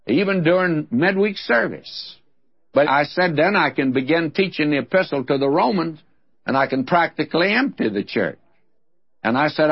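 Folksy Southern preacher on lo-fi radio. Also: male voice, medium pitch, slightly rough. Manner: folksy storytelling preacher, plain-spoken. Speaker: radio Bible teacher. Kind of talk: radio sermon. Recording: dull lo-fi radio broadcast recording.

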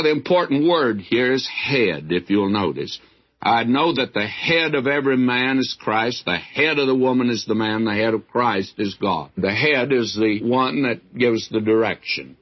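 A man preaches verse by verse at an unhurried, slow pace, stopping for folksy asides. His voice is a little husky. The old recording sounds dull and lo-fi. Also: medium pitch. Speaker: Bible teacher. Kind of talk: sermon.

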